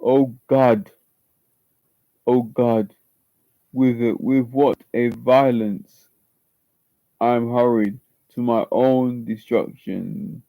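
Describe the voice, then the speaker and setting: A man's voice: medium pitch, fairly even intonation, very slow, gravelly, long pauses, no room sound. A man attempting a Texas accent while performing a monologue as a tormented young man in guilty love, stumbling and repeating words. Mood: anguished. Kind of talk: dramatic audition monologue. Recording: slightly muffled lo-fi recording.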